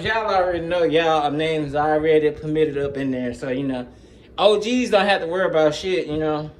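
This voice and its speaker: Recorded on his phone, a man who runs a gaming YouTube channel does a casual vlog chat, jumping topic to topic in slang and laughing a lot. He speaks at normal speed in a voice on the high side, with slight background noise.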